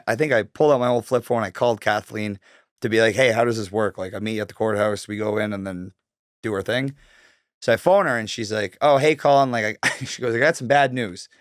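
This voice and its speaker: A man's voice: fairly low pitch, no echo, studio quality. A young man from Canada telling his story in casual, profane chat, acting out the voices of the people in it. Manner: profane, animated, acts out quoted voices.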